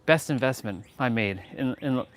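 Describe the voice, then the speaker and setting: A man's voice: mid-range voice, normal speed, fairly bright tone, a little hiss or hum. Laid-back young man chatting on a livestream. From Canada. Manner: laid-back, laughing, slangy. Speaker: fitness livestream host. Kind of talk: casual livestream chat.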